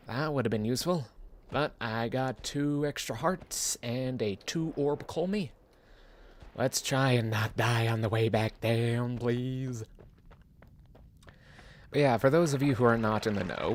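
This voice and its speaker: A man's voice: medium pitch, a little hiss or hum. A man streaming a game, musing in a casual, rambling way with self-mocking asides. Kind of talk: casual rambling gameplay commentary.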